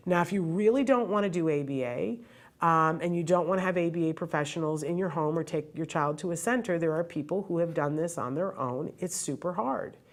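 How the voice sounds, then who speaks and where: Middle-aged woman, host, earnest advice talk, emphatic, heartfelt, slightly low pitch. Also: fairly quick.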